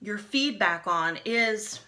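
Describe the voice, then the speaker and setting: Bright-voiced chatty woman in her forties. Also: medium pitch, expressive, slow pace. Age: 40s. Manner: chatty, rambling, many fillers and restarts. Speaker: beauty vlogger. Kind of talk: casual rambling chat while doing makeup. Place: home, at a lit makeup mirror.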